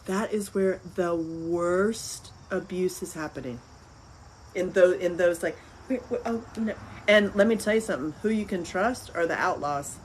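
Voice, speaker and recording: A woman talking as an interview guest in casual chat. She is animated, laughs often and repeats phrases. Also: on the low side, unhurried, a little hiss or hum, poor audio. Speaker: interview guest, filmmaker and author.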